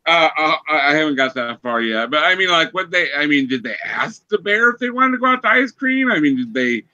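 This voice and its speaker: A man's voice: on the high side, very animated, fairly quick, pushed and bright, dull audio. A man hosting a casual podcast chat, telling loose, profane stories with lots of fillers. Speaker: podcast host.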